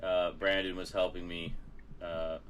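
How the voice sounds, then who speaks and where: A man co-hosting a casual geek chat stream, enthusiastic and quick to laugh. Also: deep voice, little pitch movement, very noisy. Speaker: co-host.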